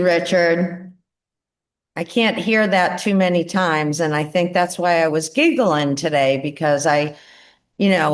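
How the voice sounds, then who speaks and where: A woman facilitating a video-call sharing group, speaking reflectively and gently. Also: fairly low pitch. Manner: slow, reflective, lively intonation.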